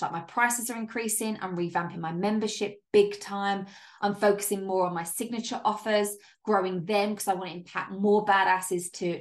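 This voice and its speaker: A woman hosting a solo business podcast, talking in an upbeat, emphatic way, with casual swearing and lots of "like". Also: medium pitch. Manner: chatty with frequent "like" and laughs. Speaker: podcast host and business coach.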